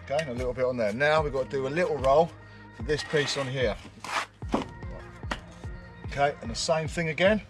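A man's voice: medium pitch, a little fast, long pauses, over music. A man, a roofer, chatting casually outdoors on a roof and explaining each step of the job as he works, recorded on an action camera. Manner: chatty, explains while working. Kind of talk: casual work vlog.

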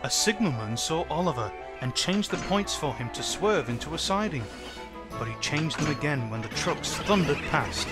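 A man narrating a children's train story in a lively storytelling way, doing every character himself. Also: on the high side, normal speed. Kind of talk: storybook narration of a fan-made train tale. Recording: music playing under the voice.

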